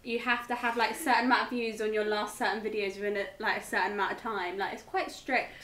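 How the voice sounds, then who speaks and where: A woman's voice: mid-range voice, steady tone, fast, a bit bright. A young woman chatting casually with a friend while doing her makeup, giggly, with the odd swear word. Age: young adult. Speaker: co-host. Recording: echoey room with faint noise.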